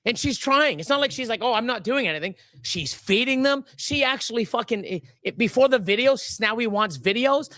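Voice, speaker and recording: A man's voice: very high voice, expressive, moderate pace, hardly any pauses, pushed and bright, no room sound. A man co-hosting a livestream who rants furiously, swears constantly and stammers through restarts. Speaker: livestream co-host. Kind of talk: heated livestream rant.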